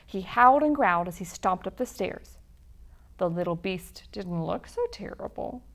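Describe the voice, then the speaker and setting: A woman reading a children's picture book aloud at a library storytime, in an expressive storytelling manner. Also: mid-range voice, moderate pace, vocal fry.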